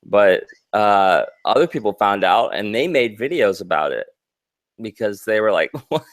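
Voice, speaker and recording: A man's voice: on the low side, lively intonation, a little slow, dry recording. A man on a casual podcast, ranting in a heated, profane way, stammering and restarting as he gets worked up, nearly in tears. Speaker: podcast co-host.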